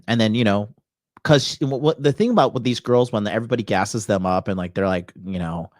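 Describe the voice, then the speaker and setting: A man's voice: lowish voice, fairly quick, a little mellow, dry recording, clean studio sound. A man hosting a dating talk show, telling a crude story in a brash, swaggering way, full of swearing. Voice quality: profane, brash, swaggering delivery. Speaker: dating coach and podcast host. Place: Tokyo.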